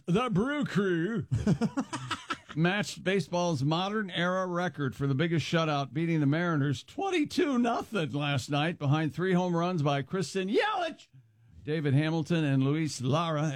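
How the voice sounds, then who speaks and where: A man's voice: on the high side, very animated, no echo, clean studio sound. A man reading sports scores and odd news items on a radio show, joking with his co-hosts between items. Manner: joking, reads scores briskly.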